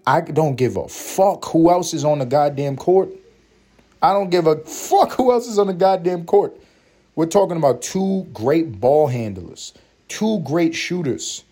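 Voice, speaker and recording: A male podcast host rants solo, swearing freely and pushing his opinions hard. His voice is dark and mellow, pitched in the middle for a man. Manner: profane, animated and opinionated.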